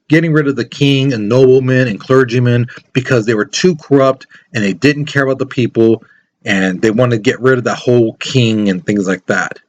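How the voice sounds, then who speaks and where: A man teaching a history lesson in a casual, conversational way, full of asides and fillers. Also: medium pitch. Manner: conversational, many fillers like "you know" and "things like that". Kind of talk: casual classroom lecture.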